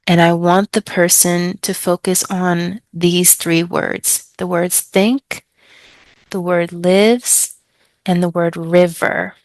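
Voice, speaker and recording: A woman ESL tutor explaining a trial lesson step by step, slowly over-enunciating example words to model pronunciation. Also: on the low side, completely flat delivery, dry recording. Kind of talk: teaching tips, modeling pronunciation.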